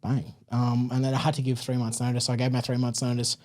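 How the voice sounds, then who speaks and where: Australian male guest, relaxed chatty storyteller, warm mellow tone, mid pitch. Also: quick pace. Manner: relaxed, chatty, many fillers like "man" and "like". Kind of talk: casual interview storytelling.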